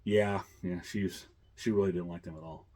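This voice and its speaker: Low husky man, rambling chatty host. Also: steady tone, fairly quick, a little mellow. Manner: rambling, chuckling, many fillers. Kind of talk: casual chat.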